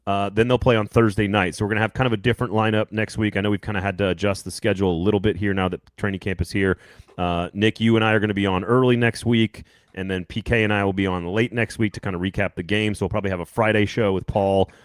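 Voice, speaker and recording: Quick-talking guy hosting a sports podcast, lowish voice, dry sound. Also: steady tone, no echo. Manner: quick, rambling, joking. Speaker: podcast host. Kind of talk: casual sports chat.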